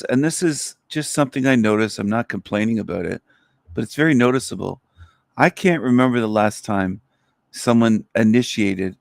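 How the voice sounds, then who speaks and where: Gravelly low-voiced middle-aged man rambling. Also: no room sound, clean studio sound. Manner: blunt, rambling, crude and opinionated. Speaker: livestream host. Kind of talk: casual rambling livestream monologue.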